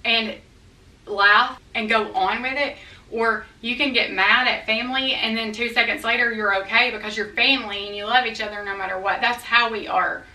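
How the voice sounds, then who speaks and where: A woman's voice: fairly high pitch, fairly even intonation, normal speed, sharp tone. Blunt woman vlogging at home. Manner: blunt, defensive, folksy. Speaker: vlogger addressing viewer comments. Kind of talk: candid talk to camera. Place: her house, indoors. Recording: roomy echo, a bit distant from mic.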